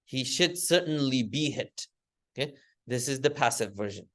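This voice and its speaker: A man's voice: mid-range voice, expressive, moderate pace, a bit bright. A man teaching an Arabic grammar class in a classroom, explaining step by step, often correcting himself and chanting word forms for students to repeat. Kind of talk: classroom lesson.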